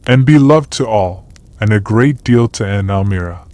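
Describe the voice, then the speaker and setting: A man's voice: lowish voice, animated, normal speed, darkish tone, no echo, natural voice. Man doing a cheeky schoolboy, boyish raised voice, chatty, mischievous, dry close audiobook sound. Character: cheeky young schoolboy reading his letter. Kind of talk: audiobook character voice.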